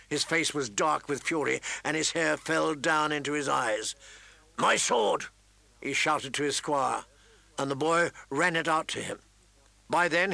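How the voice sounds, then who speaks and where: A man reading a story aloud as narrator, with dramatic emphasis and raised voice for shouted lines. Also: a little high, vocal fry, no echo. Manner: reads with dramatic emphasis, raising voice for shouted quotes. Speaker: audiobook narrator. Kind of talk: scripted narration.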